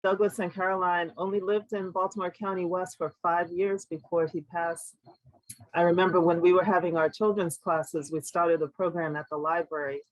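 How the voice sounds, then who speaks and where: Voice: medium pitch, level tone, normal speed, dry recording, rough recording. Reflective speaker, dry close sound. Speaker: memorial speaker. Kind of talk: personal remembrance. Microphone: video call.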